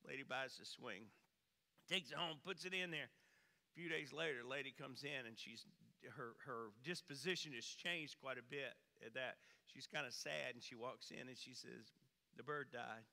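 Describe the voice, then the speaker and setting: Animated preacher in a reverberant hall. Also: male voice, moderate pace, gravelly. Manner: folksy storyteller, animated swings in pitch and volume. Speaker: pastor. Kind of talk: sermon with a humorous story. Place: church sanctuary.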